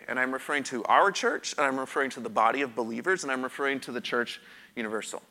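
Speaking fast with a bright, forceful tone at medium pitch, a middle-aged pastor preaches. His sermon doubles as personal testimony, told candidly and conversationally with lots of emphatic repetition.

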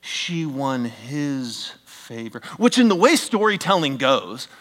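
A middle-aged male pastor delivers a sermon in a mid-range voice at a slow pace, animated and joking with his congregation. He swings from loud, emphatic bursts down to hushed near-whispers.

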